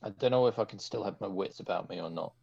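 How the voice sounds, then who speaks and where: A man's voice: on the low side, very fast, creaky, a little mellow, slightly rough, highs cut off. A man playing a tabletop game, asking hesitant questions about his options. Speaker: player.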